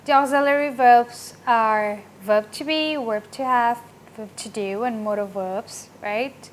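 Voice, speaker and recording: A woman teaching an English grammar lesson, explaining slowly and often checking with "right?". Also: fairly high pitch, a little hiss or hum.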